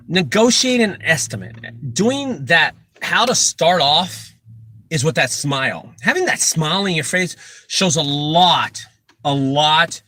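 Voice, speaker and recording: A man who runs a junk removal business, telling animated, joking stories full of asides as he gives casual advice. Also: a little high, no echo. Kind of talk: casual storytelling advice talk.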